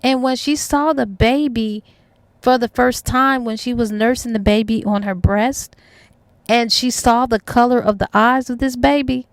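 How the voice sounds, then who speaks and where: Female book reviewer, young adult, chatty and colloquial, pitched above average, dry close recording. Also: steady tone, unhurried, dry recording. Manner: chatty, colloquial, acts out characters' lines. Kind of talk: casual plot retelling.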